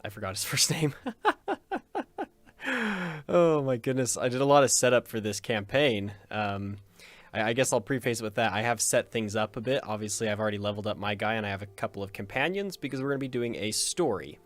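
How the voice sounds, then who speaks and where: A man's voice: lowish voice, fairly quick. A man hosting a gaming video in casual let's play commentary, joking and rambling, often cutting himself off with a chuckle.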